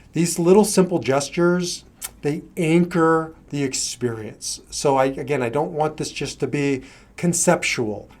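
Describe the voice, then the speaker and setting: A man's voice: mid-range voice, a little mellow. Earnest middle-aged man coaching. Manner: earnest, conversational, acts out his own side of an argument. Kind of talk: motivational talk to camera.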